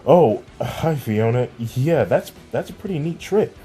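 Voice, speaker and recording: Man as nervous polite teen boy, soft, stammers, fan audio story. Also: mid-range voice, expressive, unhurried, faint music behind, pitched above the performer's own voice, natural voice. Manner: soft-spoken, hesitant, stammers.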